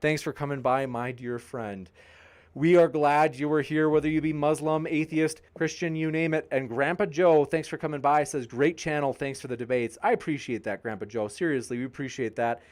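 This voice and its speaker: A man hosting a debate channel, reading live chat shoutouts with jokey, playful banter and growing tired. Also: a little high, normal speed. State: tiring, sipping water.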